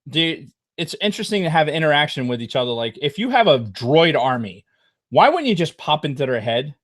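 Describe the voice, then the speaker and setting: A man's voice: fairly high pitch, brisk. Ranting, swearing man. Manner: ranting, heavy swearing, animated. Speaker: podcast co-host. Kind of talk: casual profane movie chat.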